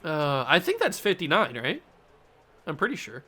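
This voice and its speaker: A young man runs a casual play-by-play of his own football video game. His voice sits high and bright, and it keeps tipping into excited outbursts and asides to himself between the calls. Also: moderate pace, slightly rough. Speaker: gaming channel host.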